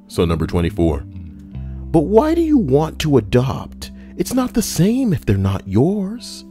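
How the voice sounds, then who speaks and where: A man's voice: fairly low pitch, dark tone. A man streaming casual commentary while reading online posts, rambling with crude, sarcastic asides.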